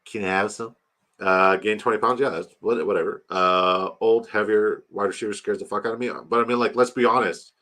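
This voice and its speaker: A man's voice: fairly low pitch, steady tone, fairly quick, bright, forceful tone. A man hosting a livestream, chatting loosely, swearing and talking straight to his chat. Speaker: livestream host. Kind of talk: casual chat.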